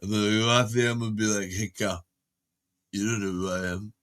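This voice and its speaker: A man putting on an impression of a punch-drunk older boxer, mumbling in a slow, slurred tough-guy drawl. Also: on the low side, steady tone, a bit bright, close to an everyday voice.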